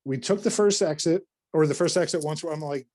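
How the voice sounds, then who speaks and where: Speaking a little fast with a slightly high voice, a North Carolina podcast guest tells a lengthy story. He's animated and rambles, dropping casual swears and restarting his sentences often.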